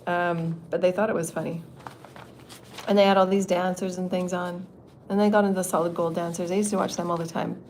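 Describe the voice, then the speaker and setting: A woman's voice: on the low side, level tone, brisk, darkish tone, slight background noise. Chatty middle-aged woman channeling spirit messages. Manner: chatty and meandering, laughs often, swears freely. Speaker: spiritual channeler hosting a livestream. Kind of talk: casual rambling livestream chat. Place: indoor meeting room.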